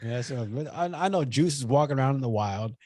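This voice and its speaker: A young man co-hosting a podcast in casual chat, telling rambling, animated stories and swearing freely. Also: medium pitch, fairly quick, dry recording. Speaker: podcast co-host.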